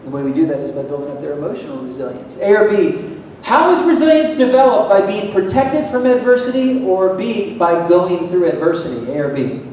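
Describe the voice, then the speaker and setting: Speaking fairly quickly, a Florida man addresses a school event audience as a motivational speaker, lively and emphatic, often putting questions to the crowd. His voice echoes around the hall, picked up by a distant microphone with a faint rumble in the background.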